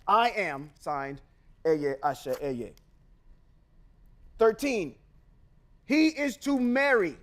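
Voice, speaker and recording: A man hosting a podcast, reading scripture aloud and breaking into emphatic, confrontational commentary with slangy asides. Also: high-pitched. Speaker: podcast host.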